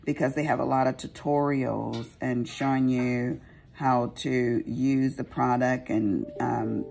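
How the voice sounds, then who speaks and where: A woman with a very low, gravelly and husky voice chats while she crafts. She rambles and pokes fun at herself in a slow, unhurried way, and her pitch rises and falls a lot. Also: steady tone, darkish tone, soft background music. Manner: rambling, chatty, self-mocking. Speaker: craft vlogger. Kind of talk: casual chat while crafting.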